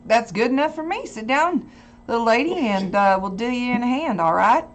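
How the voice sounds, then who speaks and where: A woman's voice: a little high, lively intonation, moderate pace, voice pushed up, lightly acted. A woman voicing a dapper male casino dealer in a tabletop game, with a folksy drawl. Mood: welcoming. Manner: folksy drawl, says y'all. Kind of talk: tabletop role-play voicing.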